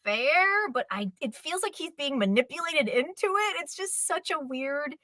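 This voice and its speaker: A woman gushes through a casual chat about her favorite shows, her voice bright and ringing. Her pitch leaps around in lively swings, and the sound is close and dry. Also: no room sound. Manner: animated, gushing, quick asides. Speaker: co-host.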